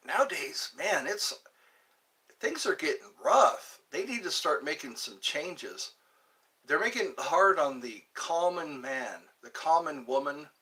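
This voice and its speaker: A man's voice: a little high, pushed and bright. A man hosting a live stream, chatting casually and rambling between musings and viewer comments.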